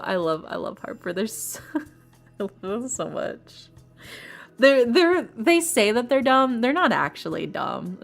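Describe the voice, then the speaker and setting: A woman's voice: medium pitch, gravelly. A woman streamer chatting casually and rambling with giggles while playing a visual novel. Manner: giggly, rambling, self-mocking.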